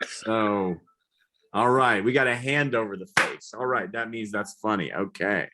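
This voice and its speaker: A man doing a rambling, self-deprecating stand-up comedy set, now and then yelling high whoops. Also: moderate pace, noisy background. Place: comedy show, live virtual audience.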